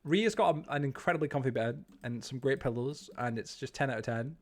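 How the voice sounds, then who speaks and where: A man's voice: medium pitch, a little fast. A man chatting casually while streaming a game. He rambles, swears freely, stammers and pokes fun at himself. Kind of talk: casual chat while gaming.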